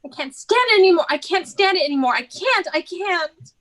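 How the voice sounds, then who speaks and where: A woman's voice: very high voice, animated, moderate pace, a bit bright. A young woman acting a despairing young woman of nearly twenty-four, worn out by her dull job, pleading through tears in a stage drama. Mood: anguished. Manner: anguished, tearful pleading.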